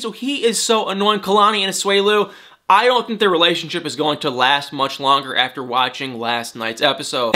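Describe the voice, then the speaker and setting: A man's voice: high voice, sharp tone. A man recapping a reality show episode for his viewers, fed up and emphatic as he rants about a cast member. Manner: exasperated, emphatic, talks straight to viewers. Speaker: celebrity gossip vlogger.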